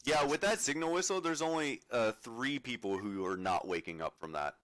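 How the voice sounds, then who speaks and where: A man running a tabletop game as dungeon master, relaxed and laughing often. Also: medium pitch, brisk, dry recording.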